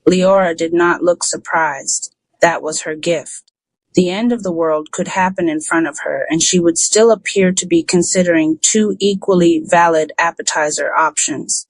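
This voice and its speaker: A narrator reading a first-person story in an even, unhurried way, in the style of an audiobook. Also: mid-range voice, dry recording, rough recording.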